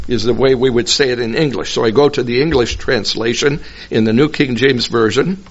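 A man giving expository Bible teaching, explaining slowly and deliberately and singing out tonal words in another language. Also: medium pitch. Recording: dull lo-fi recording.

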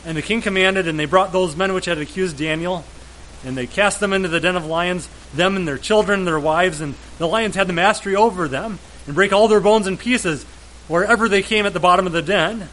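A man's voice: sits high, brisk, a bit bright, a little hiss or hum, poor audio. A man preaching a sermon, retelling a scripture story in a storytelling way and repeating words as he goes.

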